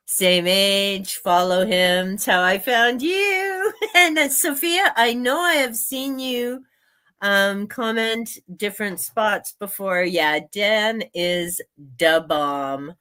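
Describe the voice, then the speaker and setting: Slow-talking woman chatting on a stream. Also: mid-range voice, pushed and bright, clean tone. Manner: chatty, laughs often, wanders into rants. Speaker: streamer and author hosting a reading sprint. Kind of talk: casual livestream chat.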